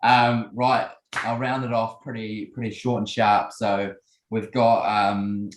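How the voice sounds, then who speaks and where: A man's voice: on the low side, little pitch movement, slow pace, echoey room, rough recording. A young man with a New Zealand accent in casual podcast chat, cheeky and laughing as he lists his favourite things. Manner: laughing, cheeky, self-deprecating. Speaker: podcast co-host.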